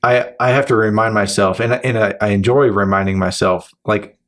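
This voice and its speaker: A man's voice: fairly low pitch, fairly even intonation, moderate pace, fairly bright tone. A man hosting a podcast in casual chat, rambling and restarting sentences, swearing freely and acting out his partner's replies. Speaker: podcast host.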